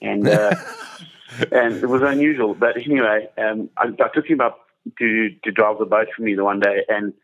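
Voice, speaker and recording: A man guest telling stories in casual chat, halting with many restarts and fillers. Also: on the low side, steady tone, fairly bright tone, highs cut off. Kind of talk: casual storytelling.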